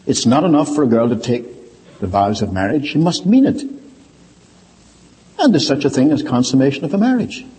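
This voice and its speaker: A man's voice: expressive, fast. Older preacher man in a reverberant hall. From Ireland. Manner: storytelling, swings from low quiet asides to raised emphatic points. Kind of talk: sermon.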